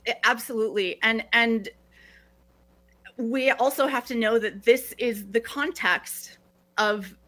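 A woman's voice: fairly high pitch, takes it slowly, bright, forceful tone. A middle-aged woman speaking as a guest on a talk show, earnest, often restarting her phrases. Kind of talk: reflective podcast conversation.

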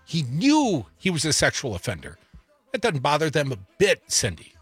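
A man co-hosts a talk radio show with sarcasm and rambling emphasis. His voice is bright and husky and swings up and down in pitch. It sits close and dry on a studio mic with faint music underneath. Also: wildly swooping pitch, moderate pace, dry recording. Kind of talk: opinionated talk radio banter. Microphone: studio microphone.

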